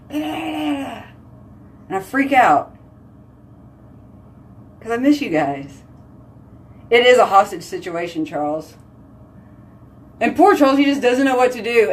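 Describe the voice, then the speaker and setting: A chatty woman, hosting a casual live stream and talking with her viewers. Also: fairly high pitch. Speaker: livestream host.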